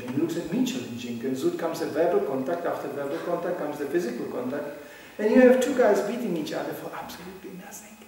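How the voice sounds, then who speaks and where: A man with a medium-pitched, darkish voice leads an informal scripture class like a storytelling sermon, voicing what people say in little voices and chuckling often. It's recorded in a roomy hall from a distant mic, with a faint background hum.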